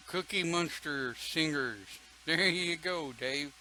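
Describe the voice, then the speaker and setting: A man's voice: medium pitch, takes it slowly, pauses often, bright, forceful tone, slight background noise, poor audio. An older man leading an online pagan church talk, folksy and chatty, reading viewer comments and laughing often.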